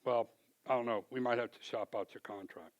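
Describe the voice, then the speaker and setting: A man quoting an arrogant male company owner in a curt, louder voice. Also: medium pitch, steady tone, brisk, lightly acted.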